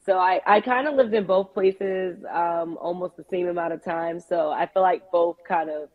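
New york woman guesting on a podcast, lowish voice, dull remote-call audio. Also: moderate pace. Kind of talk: casual interview chat.

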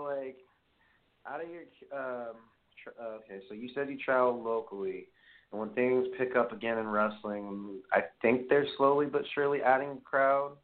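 Over a tinny phone line with faint noise, a creaky, mid-range male voice with a New York accent hosts a casual call-in podcast. The Brooklyn man rambles through stories laced with profanity.

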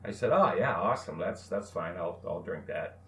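A man in his forties co-hosts a casual chat show. His voice sits low, and his story wanders along with plenty of "uh" fillers. The room around him is echoey. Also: expressive, slight background noise. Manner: rambling anecdote with many "uh" pauses. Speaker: co-host.

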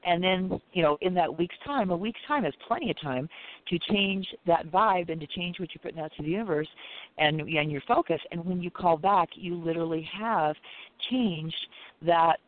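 Animated woman guest over a phone line. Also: on the low side, normal speed. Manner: animated, lots of "you know" and "it's like". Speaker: guest psychic. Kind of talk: casual chat. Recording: phone-like narrow sound.

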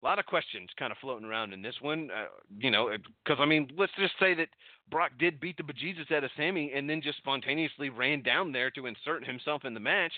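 A man's voice: mid-range voice, fairly quick, dry recording. Swearing man recapping wrestling on thin audio. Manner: rambling, sarcastic, swears freely. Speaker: podcast host recapping wrestling. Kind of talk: casual solo recap. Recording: dry, thin phone-like audio.

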